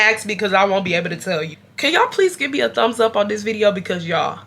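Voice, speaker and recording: A woman's voice: medium pitch, quick pace, few pauses. A young woman who is feeling sick, telling a casual storytime vlog, chatty and talking straight to her viewers. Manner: chatty, animated, talks straight to viewers with y'all. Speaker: YouTube storyteller.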